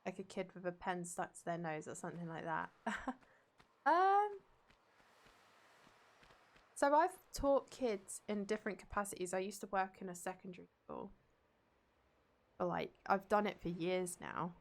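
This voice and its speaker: A woman's voice: fairly low pitch, very animated, unhurried, creaky, pauses often. A young woman streamer and drama teacher, rambling casually as she plays a game and reads chat aloud and answers it.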